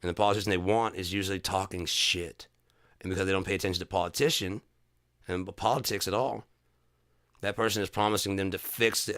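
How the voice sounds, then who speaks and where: A man's voice: low-pitched, steady tone, quick pace, a bit bright, no room sound, clean studio sound. A man hosting a casual livestream chat, ranting heatedly with frequent swearing and rambling restarts. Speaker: livestream host.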